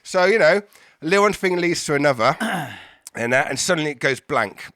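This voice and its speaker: A man's voice: on the high side, expressive, moderate pace, fairly bright tone. A man telling a rambling story in casual podcast chat, full of swearing and laughter, playing out both sides of a conversation. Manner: swears a lot, laughs often, acts out both sides of chats. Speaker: podcast guest.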